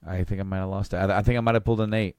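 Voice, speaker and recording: A man co-hosting a podcast, talking casually with a halting, laid-back manner. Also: fairly low pitch, fairly even intonation, darkish tone, clear, resonant tone, dry recording. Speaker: podcast co-host. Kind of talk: casual comic book chat.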